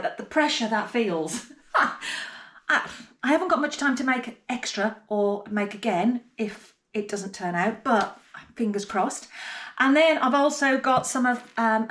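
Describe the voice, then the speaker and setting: A middle-aged woman potter chatting casually to camera in her pottery studio, talking herself through her work. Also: mid-range voice. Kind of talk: casual vlog narration.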